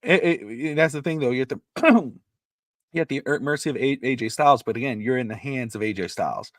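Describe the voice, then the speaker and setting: A man co-hosting a casual podcast, rambling and animated, acting out quotes, with a slightly irritated throat. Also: medium pitch, quick pace, no echo, studio quality. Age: adult with a child. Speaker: podcast co-host.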